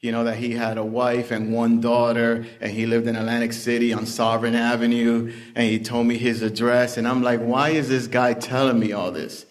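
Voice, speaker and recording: A middle-aged man speaking at a recovery meeting, giving personal testimony in an unhurried, plain-spoken storytelling way with many pauses. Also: mid-range voice, level tone. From Puerto Rican family background.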